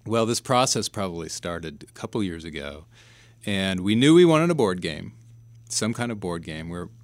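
A man appearing as a podcast guest, talking in a relaxed, easygoing way about making a game. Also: low voice, moderate pace, no echo. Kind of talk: casual podcast chat.

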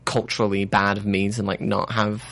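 A man's voice: on the low side, completely flat delivery, moderate pace, gravelly, fairly bright tone. Dry, mumbly man with a mild Australian accent. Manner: dry, self-deprecating, many "like"s. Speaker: guest. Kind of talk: casual interview chat.

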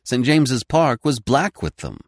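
A man narrating a classic detective story as an audiobook, voicing every character with lively expression. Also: mid-range voice, a little slow, no room sound, clean studio sound. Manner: reads all characters in one voice, lively and expressive.

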